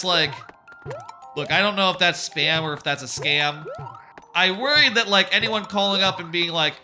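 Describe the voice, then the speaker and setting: A man's voice: high voice, moderate pace. A young man streaming a video game, chatting casually and rambling, swearing freely and stumbling over repeated words. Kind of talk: casual chat while playing a video game. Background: game music.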